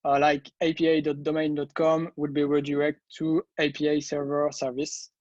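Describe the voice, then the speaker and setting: French man presenting, mellow, halting. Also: fairly high pitch, monotone, dry recording, dull audio. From France. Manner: hesitant, many "uh" fillers. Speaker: guest presenter, developer. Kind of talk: webinar technical presentation.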